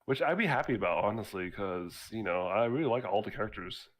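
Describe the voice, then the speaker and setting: Co-host, young male, lowish voice, rambling, chatty. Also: lively intonation, fast talker. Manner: rambling, laughs at own stories. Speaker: podcast co-host. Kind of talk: casual gaming chat.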